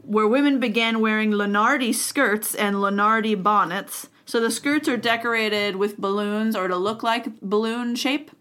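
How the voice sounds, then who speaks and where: A woman's voice: mid-range voice, normal speed, hardly any pauses, a bit bright. A woman co-hosting a casual history podcast, telling the story in a chatty way with many fillers. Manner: chatty, many fillers, playful voices for quotes. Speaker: podcast co-host.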